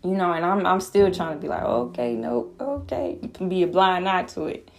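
Earnest low-voiced woman sharing testimony. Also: little pitch movement, quick pace, faint music behind. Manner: earnest, rambling, frequent restarts. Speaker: faith vlogger sharing a personal testimony. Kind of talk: casual devotional talk.

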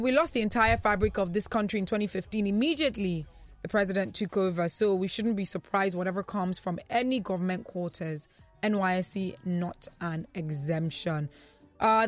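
This is a woman hosting a radio talk show from the studio. She reads out listeners' messages in a chatty, easygoing way and laughs readily between them. Her voice sits in a middle pitch. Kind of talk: reading listener comments on air.

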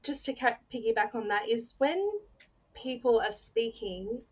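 A woman's voice: on the high side, animated, a little slow, slightly rough, dull audio. A young woman hosting a podcast interview, earnest and effusive as she introduces and thanks her guest. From Australia. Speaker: podcast host.

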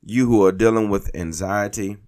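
A man's voice: fairly low pitch, moderate pace, darkish tone. A man preaching a sermon, urging his listeners on and repeating phrases for emphasis.

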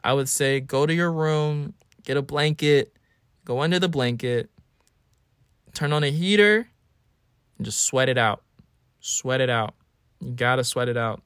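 A young man in his twenties talks through a solo podcast episode, animated and storytelling. He now and then slips into exaggerated whiny bits. His voice sits at a middling pitch and is recorded dry and close. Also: unhurried, long pauses, clear, resonant tone, dry recording. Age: 20s. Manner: animated storytelling, acting out his own whining. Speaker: podcast host. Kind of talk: casual solo podcast monologue.

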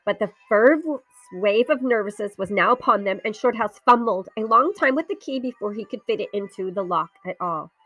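A woman reading a ghost story aloud in a dramatic way, dropping into whispers and slowing down for suspense. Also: mid-range voice, no echo, soft background music. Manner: hushed, drops into whispers, slows for suspense.

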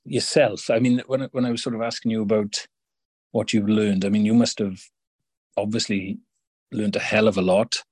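Male interviewer, husky, supportive, winding questions; dry close sound. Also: fairly low pitch, steady tone, normal speed, a little mellow, no echo. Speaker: podcast host, interviewer. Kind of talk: conversational interview.

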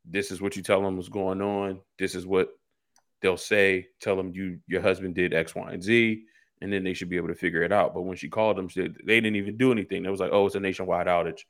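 A man's voice: low-pitched, fairly even intonation, brisk, a bit bright. A man co-hosting a casual sports talk show, telling rambling stories in slangy everyday speech. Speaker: co-host.

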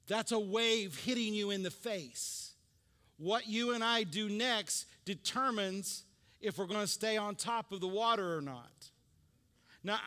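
In a church hall full of long reverb, a male pastor with a high, bright, forceful voice preaches conversationally. He mixes in offhand jokes and asides, and has the congregation repeat lines back to him in call-and-response.

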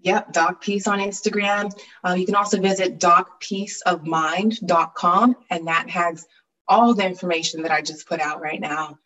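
A woman guest in a casual interview, speaking briskly about where to find her. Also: on the low side, a bit bright, recorded from a distance, rough recording.

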